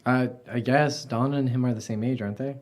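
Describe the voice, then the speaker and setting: Brief: deep-voiced woman player, fumbling and awkward. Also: steady tone, quick pace, a little mellow. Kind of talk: in-character tabletop play.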